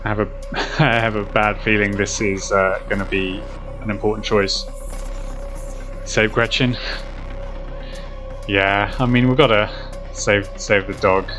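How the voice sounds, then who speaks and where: A man streaming a game, reading its narration aloud and pausing to react. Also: fairly low pitch, fairly even intonation. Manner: reads narration, pauses to react. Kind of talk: reading a visual novel aloud. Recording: faint game music behind.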